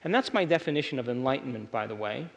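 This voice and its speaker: With a creaky, mid-range voice, this man talks fast and animatedly through a motivational workshop lecture. He's emphatic and keeps asking the live audience whether they're still with him, all under long hall reverb.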